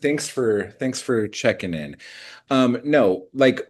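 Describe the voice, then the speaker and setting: A man's voice: medium pitch, expressive, takes it slowly, a little mellow. A man co-hosting a casual podcast, laid-back and teasing. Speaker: podcast co-host. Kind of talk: casual chat.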